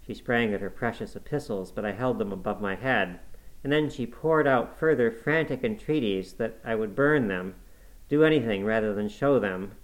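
A man with a fairly low voice narrates a classic novel. His reading is measured and expressive, in the manner of an audiobook. He keeps the pace steady through long sentences. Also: poor audio. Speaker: audiobook reader.

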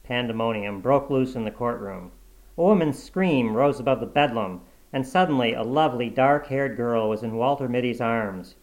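A man narrating a short story aloud in a steady, measured storybook reading. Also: mid-range voice, poor audio.

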